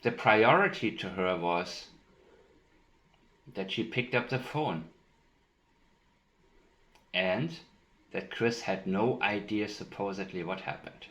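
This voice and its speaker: A man commenting on interview clips, speaking in a deliberate, emphatic way and repeating key phrases. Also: fairly low pitch, fairly bright tone, echoey room. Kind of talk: analytical commentary with played clips.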